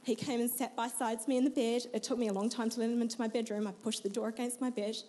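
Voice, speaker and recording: A woman's voice: a little high, little pitch movement, quick pace, mellow. A young adult woman, telling her personal story earnestly as an interview guest, laughing now and then. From New Zealand.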